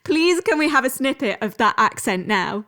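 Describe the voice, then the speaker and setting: A woman interviewer putting quick-fire questions in a playful way and laughing often. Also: high voice, sing-song, bright, forceful tone.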